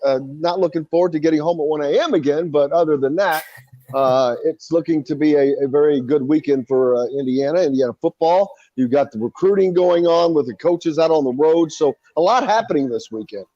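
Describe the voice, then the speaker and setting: A man's voice: on the high side, a little fast, dark tone, no room sound, dull audio. A man hosting a sports radio show, talking loosely with many filler sounds. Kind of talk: casual sports radio chat.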